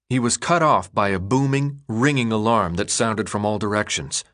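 A man narrating an audiobook in a steady, even storytelling voice. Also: lowish voice, moderate pace, few pauses. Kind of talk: scripted narration.

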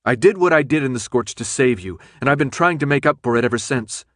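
A man's voice: medium pitch, animated, fast, a bit bright, no room sound, clean studio sound, pitched above the performer's own voice, lightly acted. A man reading an audiobook, voicing a young woman who pleads her case insistently. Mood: pleading.

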